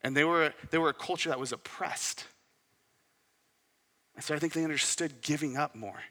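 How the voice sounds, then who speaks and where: A male pastor with a bright, forceful voice delivers a sermon, talking casually and putting rhetorical questions to the congregation. His voice rings out with a long reverb, as if filling a church sanctuary. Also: on the high side, moderate pace. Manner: conversational, asks the listeners rhetorical questions.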